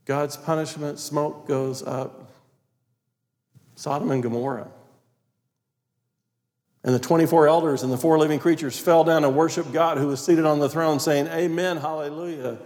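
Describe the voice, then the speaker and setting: This is a man preaching a sermon, his voice sitting a little higher than most men's. He reads scripture aloud and leans hard on key words, then drops to a hushed tone. The sound carries a long, lingering reverb, as if he is recorded in a large hall. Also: steady tone, moderate pace, pauses often. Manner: emphatic preaching, reading scripture aloud, dropping to quiet prayer. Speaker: pastor.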